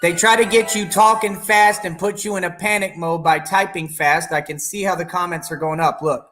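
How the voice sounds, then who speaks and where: A man's voice: high voice, steady tone, normal speed, a bit bright, soft background music. Defiant, boastful man ranting in an echoey room. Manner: defiant, boastful, profane and taunting. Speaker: online radio show host. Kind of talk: ranting live-stream monologue.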